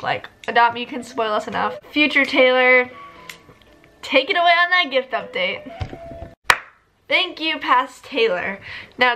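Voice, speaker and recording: A young woman vlogger giving excitable, casual commentary over gameplay, often squealing and laughing. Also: on the high side, low-quality recording. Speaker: gaming vlogger.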